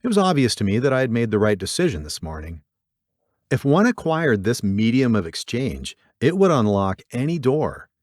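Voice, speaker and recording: A man reading a story aloud as narrator, voicing the dialogue in a livelier, higher register and dropping low on speech tags. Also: sing-song, normal speed, dry recording, studio quality. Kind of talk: audiobook narration with character voices.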